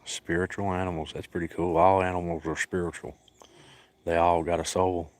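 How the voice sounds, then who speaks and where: Deep-voiced man talking outdoors. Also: level tone, moderate pace. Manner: folksy, drawling, answers chat by name. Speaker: cat sanctuary livestreamer. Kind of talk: casual livestream chat with viewers. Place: outdoors at an animal sanctuary. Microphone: phone on a livestream.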